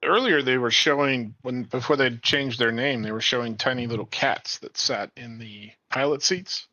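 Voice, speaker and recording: A man's voice: mid-range voice, moderate pace, pushed and bright, dry recording. A man co-hosting a podcast, chatting in an easygoing, agreeable way. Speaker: podcast co-host. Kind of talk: casual chat. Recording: dull lo-fi mic.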